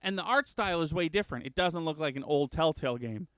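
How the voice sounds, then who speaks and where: A man hosting a gaming news show in a loose, rambling way, full of ums, uhs and quick self-corrections. His slightly high voice is smooth and clear, recorded close and dry with no room sound. He sounds eager about the games he covers. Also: no echo. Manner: excitable about upcoming games. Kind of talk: casual news chat.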